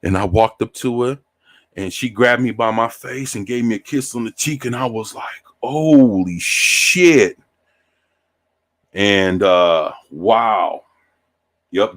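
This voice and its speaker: A man in his forties telling rambling stories in a relaxed, profane way, often ending sentences with "man". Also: on the low side. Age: 40s. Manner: rambling, profane, laid-back, peppered with "man". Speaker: show host. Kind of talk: casual storytelling.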